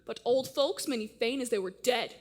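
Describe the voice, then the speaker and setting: A woman's voice: a little high, fairly quick, natural voice. A woman acting an impatient young girl in love in a live stage play, with urgent, pleading lines and sudden outbursts. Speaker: stage actor. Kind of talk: live stage drama performance.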